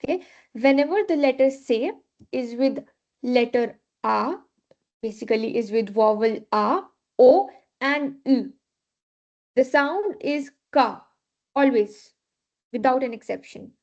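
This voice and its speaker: A high-voiced woman takes her online class through French pronunciation rules, unhurried and patient. She repeats each point and keeps checking in with her students. The recording sounds dull and lo-fi. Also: darkish tone. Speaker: French teacher. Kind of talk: live online class teaching.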